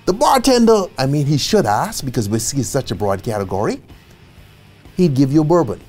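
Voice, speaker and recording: Lively man teaching bartending basics. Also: medium pitch, fast talker, soft background music. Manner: animated, checks in with "okay?" after points; casual and chatty, with asides and small laughs. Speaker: bartending instructor. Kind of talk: instructional video lesson.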